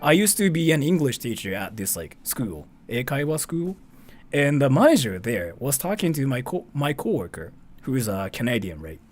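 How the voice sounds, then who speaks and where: Animated chatty man from Japan. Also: medium pitch, normal speed. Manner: animated, rambling, swears mildly and often. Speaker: live-stream host reading donations. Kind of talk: casual live-stream chat.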